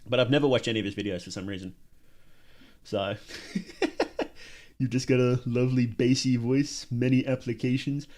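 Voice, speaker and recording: Joking male streamer, mid-pitched voice. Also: steady tone, moderate pace, pauses often, darkish tone. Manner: joking, rambling, laughs often. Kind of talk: casual livestream reaction commentary.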